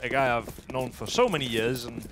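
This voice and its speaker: A man's voice: medium pitch, normal speed, background noise. A man giving chatty esports color commentary, full of ums and restarts. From Denmark. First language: Danish. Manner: hesitant, filler-heavy analysis, chatty and joking.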